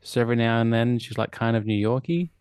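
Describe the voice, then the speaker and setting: An Australian man co-hosting a casual podcast, retelling a film plot with wry asides and a few ums. His voice sits at a middling pitch and sounds close and dry, with no room around it. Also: fast talker, a little mellow, smooth, no room sound. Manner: chatty, wry film recaps with filler ums. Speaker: podcast co-host. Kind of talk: casual chat.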